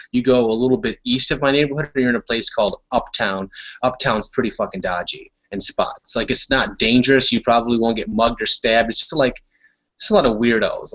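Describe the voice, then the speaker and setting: A young man tells a rambling story as a guest on a casual podcast, stumbling over his words and starting sentences over and over. His voice sits at an ordinary middle pitch. The recording is dull and lo-fi. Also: a bit bright. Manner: rambling storyteller with many restarts. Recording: dull lo-fi audio.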